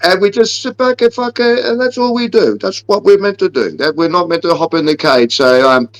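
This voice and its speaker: A man's voice: sits high, a little fast, rough recording. A man, co-hosting a casual podcast and joking through brash, swearing rants. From Australia. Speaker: podcast co-host.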